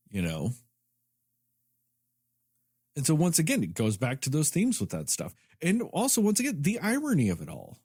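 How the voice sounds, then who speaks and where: A man co-hosting a film podcast, talking in an animated way with lots of fillers. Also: mid-range voice, slightly rough, no room sound, studio quality. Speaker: podcast co-host. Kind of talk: casual film review chat.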